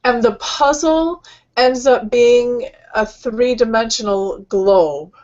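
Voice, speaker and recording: A woman hosting an online healing session, speaking gently and rambling, with many fillers and restarts. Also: fairly high pitch, slow, muffled recording. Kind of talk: casual spiritual talk.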